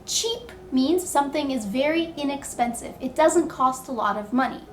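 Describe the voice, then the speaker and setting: A woman teaching English pronunciation, drilling words with slow, deliberate, exaggerated enunciation. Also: high-pitched, expressive, reverberant, a little hiss or hum.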